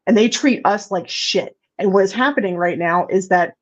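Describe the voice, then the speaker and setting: A woman's voice: medium pitch, moderate pace. A woman hosting a casual chat, speaking candidly with swearing and frequent restarts. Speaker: host. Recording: dull lo-fi sound.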